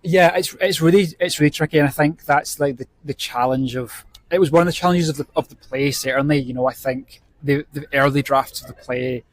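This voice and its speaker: A man's voice: on the high side, a little fast, few pauses, dry recording. Thoughtful Scottish man, dry close voice. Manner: thoughtful, hesitant with fillers. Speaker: theatre director. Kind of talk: casual chat.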